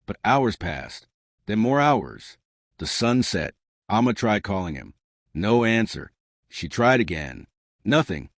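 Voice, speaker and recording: A man narrates a scripted romance story in a low voice, with a measured delivery and lively shifts in pitch. The recording is dry and close, with no room sound. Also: dry recording.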